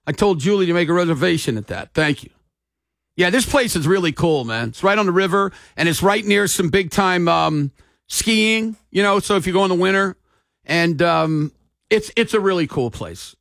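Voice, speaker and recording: A man's voice: high voice, lively intonation, normal speed, creaky, a bit bright, dry recording, studio quality. A middle-aged man hosting a sports radio talk show, telling stories in a folksy, emphatic way.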